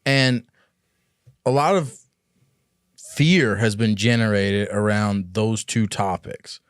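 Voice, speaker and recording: A man's voice: fairly low pitch, slow pace, smooth, no echo, clean studio sound. A man hosting a casual podcast chat, asking long, rambling questions and working through his points aloud. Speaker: podcast host.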